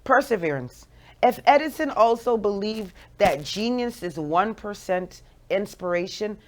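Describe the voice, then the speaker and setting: A woman in her forties with a Jamaican accent, hosting a radio show with playful, animated motivational talk. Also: mid-range voice, measured pace. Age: 40s.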